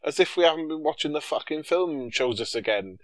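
A man's voice: on the high side, lively intonation, fairly quick, no echo. A man co-hosting a casual film-review chat, sarcastic and jokey, swearing freely. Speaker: podcast co-host.

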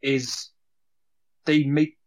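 A man's voice: medium pitch, little pitch movement, extremely slow. Rambling man with many fillers. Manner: hesitant, full of fillers and restarts, swears casually. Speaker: podcast co-host. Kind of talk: casual film-review chat.

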